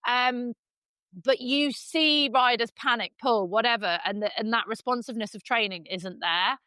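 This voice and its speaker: A woman's voice: on the high side, normal speed, sharp tone, clear, resonant tone, no room sound. A woman hosting a podcast interview, blunt and sweary, piling on emphatic praise in casual chat. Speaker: podcast host.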